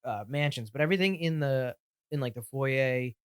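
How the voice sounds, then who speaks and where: A man's voice: medium pitch, normal speed, smooth, dry recording, clean studio sound. A man co-hosting a film podcast, chatting casually and giving loose, enthusiastic opinions about a movie. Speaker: podcast co-host.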